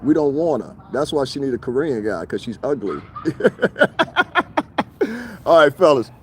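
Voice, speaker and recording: A man talks to his livestream viewers from beside a street, mocking and confrontational, laughing often. His pitch swings widely as he rants, with a faint outdoor hum behind him. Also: expressive, normal speed. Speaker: livestreaming vlogger. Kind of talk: casual livestream rant to viewers.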